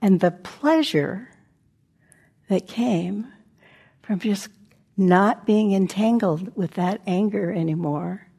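A woman's voice: medium pitch, takes it slowly, vocal fry, pauses often, mellow, husky. A woman meditation teacher giving a conversational dharma talk, now and then dropping to a near-whisper. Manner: conversational, acts out inner voices, drops to near-whispers.

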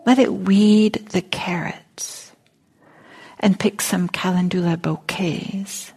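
A woman voicing a gentle, soothing female gardener in a quiet Southern US drawl, speaking tenderly. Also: on the low side, fairly even intonation, slow pace, breathy edge, heavily acted.

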